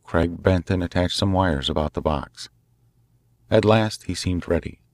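A man narrating a classic story in a measured, dramatic way. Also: deep voice, no echo. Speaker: audiobook narrator. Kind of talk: scripted narration.

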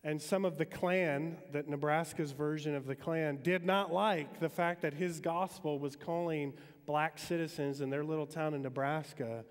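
A man from Metro Detroit giving a relaxed, conversational sermon as a chapel speaker at a university, with frequent ums. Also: on the high side, moderate pace, hardly any pauses. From Metro Detroit, Michigan, US. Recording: long hall reverb.

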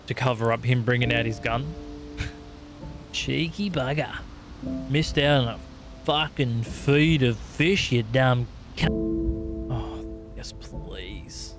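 An Australian man streaming a survival game, swearing and joking in mock outrage. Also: medium pitch. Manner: lively, swears a lot, jokey mock-outrage. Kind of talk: casual gaming commentary. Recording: game music behind the voice. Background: game music.

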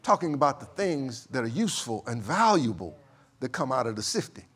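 Bright-voiced preacher with dramatic swings. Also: male voice, sing-song, slightly rough. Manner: dramatic preaching, swinging from low and quiet to loud and high; reads scripture aloud in a measured cadence. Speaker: pastor. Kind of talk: sermon.

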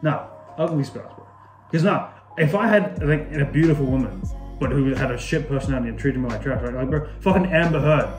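A young man from Australia talks casually through would-you-rather questions, swearing often and calling everyone "bro". His mid-pitched voice sits in an echoey room with faint music behind it. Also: animated, fairly quick. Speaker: YouTuber.

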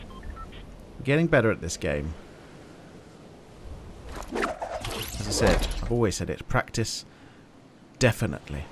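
A man doing jokey game commentary, talking to himself with sudden excited yelps. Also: fairly low pitch, a little hiss or hum. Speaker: gaming channel host.

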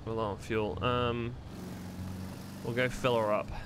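A man's voice: mid-range voice, little pitch movement, measured pace, background noise. A man streaming a roleplay game live from home, chatting to viewers in a loose, rambling way, swearing freely and thinking aloud as he plays.

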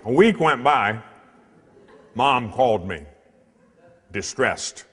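Animated priest telling a story in a hall. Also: male voice, mid-range voice, slow pace, long pauses, breathy edge. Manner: animated, comic storyteller who acts out the other people in the tale. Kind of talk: storytelling sermon. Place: church. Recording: long hall reverb.

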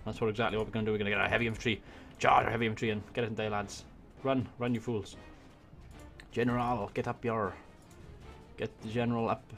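A man from Wales with a Welsh accent, giving excitable let's-play commentary on a strategy game into a desk microphone, swearing and muttering to himself as he plays. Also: lowish voice, fast, gravelly, faint music behind. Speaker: gaming YouTuber. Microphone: desk USB microphone.

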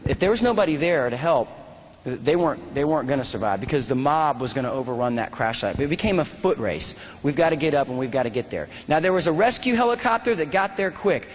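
A man from the United States giving a fundraiser speech, telling a war story in an animated way and acting out the dialogue. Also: a little high, fast, big-room sound. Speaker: guest speaker, former soldier. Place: large hall at a fundraiser.

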